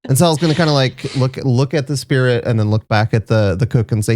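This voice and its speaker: A man's voice: mid-range voice, brisk, few pauses, darkish tone, slight background noise. A man describing his character's actions in a casual, explanatory way during a tabletop game. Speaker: player.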